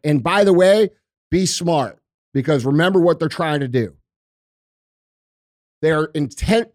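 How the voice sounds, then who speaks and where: Profane, ranting man with a fairly high voice. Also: no room sound, clean studio sound. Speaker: podcast co-host. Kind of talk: heated casual talk.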